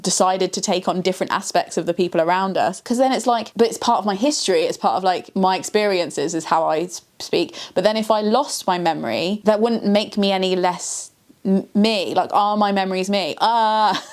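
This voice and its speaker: A woman's voice: mid-range voice, normal speed, a little mellow. A woman thinking aloud in a reflective vlog monologue, musing and restarting her sentences as she goes. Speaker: video creator.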